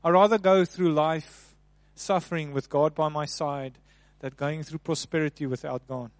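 A man preaching a sermon, swinging between soft, hushed passages and loud, emphatic ones. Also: a little high, fairly even intonation, moderate pace, dry recording.

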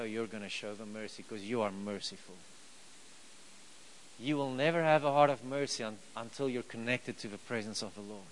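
Over a rough recording, a mid-range male voice delivers a chatty sermon. He keeps asking the congregation rhetorical questions and laughs softly as the story unfolds.

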